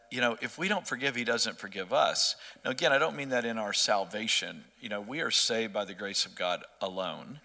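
Earnest man telling a bright story. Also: mid-range voice, in a large hall. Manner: earnest, storytelling with many restarts. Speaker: interview guest. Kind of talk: personal testimony in conversation.

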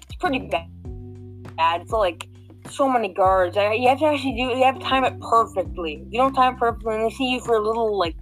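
A woman's voice: fairly high pitch, animated, quick pace, soft background music, rough recording. A woman guiding listeners through a game mission in casual, rambling chat, full of fillers and restarts. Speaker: game walkthrough guide.

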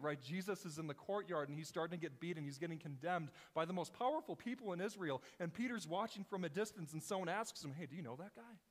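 A male pastor preaching a sermon with passion, firing rhetorical questions and swinging between hushed and loud. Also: fairly high pitch. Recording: long reverb in a large hall.

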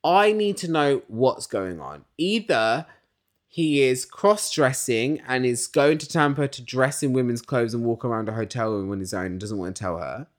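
A man's voice: mid-range voice, normal speed. A man hosting a casual reality TV recap, talking in an opinionated way and swearing often. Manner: animated, opinionated, swears a lot.

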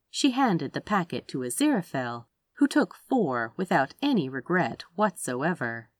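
Woman reading a story, low-ish voice, goes up and down a lot, dry close sound. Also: a little slow, few pauses, dry recording. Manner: expressive, lively reading. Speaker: audiobook reader. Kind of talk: story narration.

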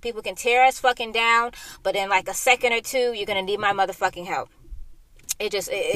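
A woman's voice: mid-range voice, pushed and bright, dry recording. A young woman from Florida hosting a solo podcast, talking bluntly and heatedly with lots of swearing, recorded inside a parked car. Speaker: podcast host.

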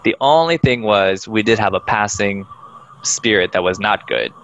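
A man casually telling a ghost story on a podcast, animated, swearing freely and acting out the voices of the people in it. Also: on the low side, moderate pace, muffled recording, a little hiss or hum.

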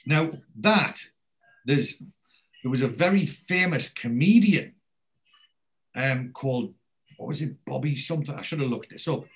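A man's voice: medium pitch, a little slow, long pauses. Male podcast host who recaps episodes in a rambling, chatty way, with a mid-range voice. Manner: rambling storyteller with many fillers and restarts. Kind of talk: casual chat retelling a TV episode.

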